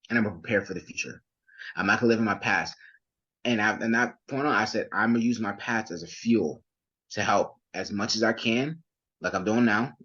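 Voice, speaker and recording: Young man, husky low voice, rambling storyteller, dull lo-fi sound. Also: a bit bright. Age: young adult. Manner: rambling, with many fillers and restarts. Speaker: guest. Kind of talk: casual storytelling interview.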